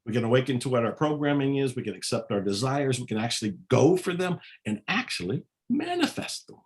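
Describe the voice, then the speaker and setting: A man talking as a guest on a podcast, calm and earnest, encouraging listeners. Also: medium pitch, a little fast. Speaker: podcast guest, spiritual author. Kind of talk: casual conversation.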